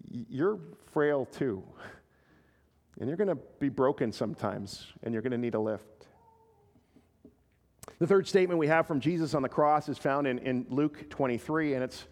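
A man preaching a sermon as a pastor, earnest and halting, often repeating his words as he goes. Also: medium pitch, long reverb tail. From Canada.

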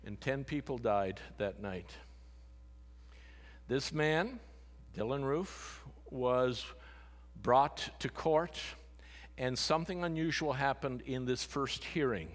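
A man preaching a sermon as pastor, earnest and solemn, often dropping to a hushed voice. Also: medium pitch, slow pace, long pauses. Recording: long hall reverb.

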